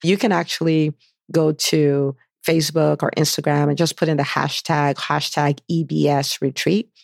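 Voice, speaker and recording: A woman's voice: deep voice, flat delivery, normal speed, vocal fry, no room sound, clean studio sound. A woman hosting her own podcast, telling a story with enthusiasm and asking repeated questions. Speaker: podcast host and physician business coach. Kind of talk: solo podcast monologue.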